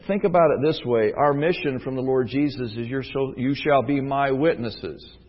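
A male pastor delivers a sermon in a fairly high voice, earnest and pressing his listeners with rhetorical questions. The sound is muffled and dull, carrying a long reverb from a church sanctuary.

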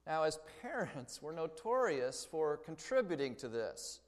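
A man's voice: on the high side, big pitch swings, a little slow, big-room sound. A man giving a Bible lecture in a conversational way, explaining his points through everyday story examples. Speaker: Bible teacher. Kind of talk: church lecture.

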